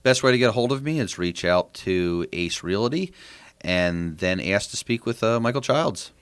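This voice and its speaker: A man's voice: fairly low pitch, expressive, moderate pace, clear, resonant tone. A man, a property manager guest on a podcast, explaining his process in a casual interview, walking through rhetorical questions one after another.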